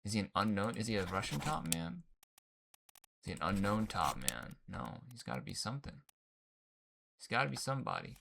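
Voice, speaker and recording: A man's voice: lowish voice, sing-song, a little fast, creaky, pauses often, bright, forceful tone, a little hiss or hum. A man casually commenting while he plays a puzzle game, thinking aloud and muttering guesses in slangy talk. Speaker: gaming channel host. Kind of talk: casual let's-play commentary.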